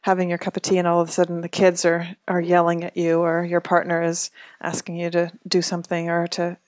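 A woman's voice: on the low side, brisk, no echo. A woman hosting a monthly talk series, asking questions and making announcements in a casual manner with fillers. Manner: casual, filler-heavy, flat delivery.

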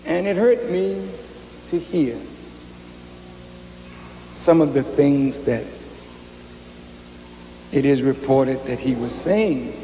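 A male minister giving a measured, solemn address to an audience in a large hall. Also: medium pitch, mellow, slight background noise. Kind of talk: slow formal address to an audience. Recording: echoey hall with faint ambience.

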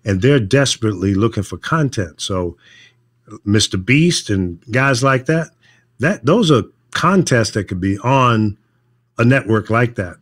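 An older man, a radio veteran, chatting casually in a measured, plain-spoken way with frequent fillers. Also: mid-range voice, expressive. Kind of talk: casual chat.

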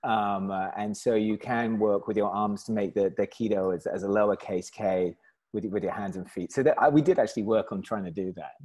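A man with a southern English accent, a company founder chatting as a guest in an interview over a video call, talkative and quick to laugh. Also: lowish voice, a little mellow, husky. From south of England. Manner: chatty, laughs easily, frequent restarts. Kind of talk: casual interview chat.

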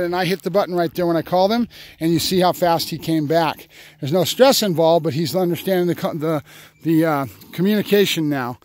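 High-voiced man explaining dog training. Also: fairly quick, no room sound. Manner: explains step by step, breaks into high excited praise for the dog. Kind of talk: outdoor training demonstration. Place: open field outdoors.

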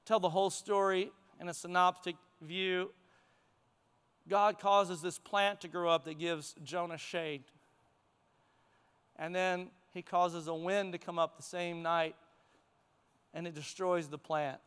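A man preaching a sermon, swinging from near shouts down to hushed, quiet passages. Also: high-pitched, slow, pauses often, clean tone. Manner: animated preaching, rising to near shouts then dropping to hushed tones. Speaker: pastor. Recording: long hall reverb.

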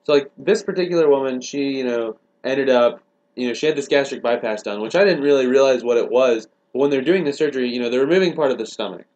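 A man's voice: mid-range voice, quick pace, darkish tone, highs cut off. A man in casual comedic chat, rambling in a dry, wry way. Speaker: podcast co-host.

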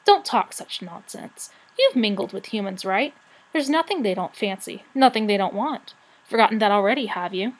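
A woman voicing a sharp-tongued female rat in a storybook reading, scolding and shrill. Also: lively intonation, moderate pace, natural voice, rough recording.

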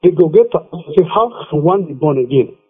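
Emphatic preacher on a tinny phone line. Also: male voice, a little high, expressive, a little fast, husky. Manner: emphatic, repeats scripture. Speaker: evangelist. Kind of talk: radio preaching.

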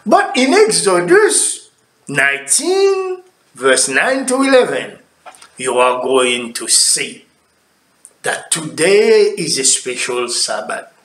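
A man preaching a sermon in a slow, deliberate delivery, his voice climbing high and swooping widely. He swings from emphatic declarations to hushed asides. The sound carries a noticeable echo. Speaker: pastor.

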